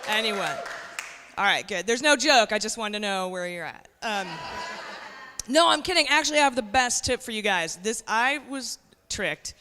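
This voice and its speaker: A woman's voice: mid-range voice, expressive, moderate pace. A woman in her forties doing a stand-up comedy set, brash and conversational, talking straight to the crowd. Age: 40s. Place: comedy club stage. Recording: long hall reverb, faint noise.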